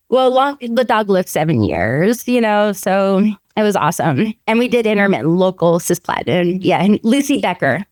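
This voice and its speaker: Middle-aged woman, lively storyteller with a smooth voice in a dry room. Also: mid-range voice, no echo. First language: French. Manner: animated storytelling, laughs often, acts out quoted dialogue. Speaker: veterinary oncologist guest. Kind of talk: casual podcast interview.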